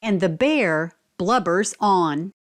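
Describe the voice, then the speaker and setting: Slow, clear woman reading a picture book. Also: fairly low pitch, expressive. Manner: slow and clear, pausing to ask simple questions. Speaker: teacher reading aloud. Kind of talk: picture book read-aloud for children.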